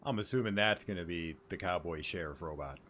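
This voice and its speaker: A man's voice: low voice, fairly quick, fairly bright tone, slight background noise. A man streaming a game, joking and thinking aloud as he plays. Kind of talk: gameplay commentary.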